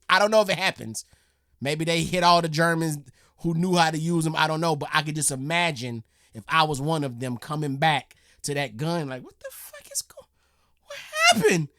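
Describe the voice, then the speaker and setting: A woman's voice: low voice, steady tone, normal speed, a bit bright, dry recording. A woman giving a casual reaction, acting out little scenes and swearing freely. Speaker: reaction video host.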